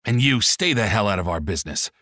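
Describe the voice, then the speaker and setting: A man's voice: on the low side, expressive, quick pace, sharp tone, dry recording, studio quality. A male audiobook narrator voicing a scornful family man who speaks curtly and dismissively. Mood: hostile.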